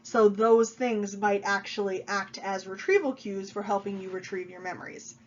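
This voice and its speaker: A woman's voice: mid-range voice, fairly even intonation, normal speed, slight background noise. A woman college instructor giving a recorded online lecture, explaining with frequent fillers, slightly congested from a cold. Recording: dull lo-fi sound.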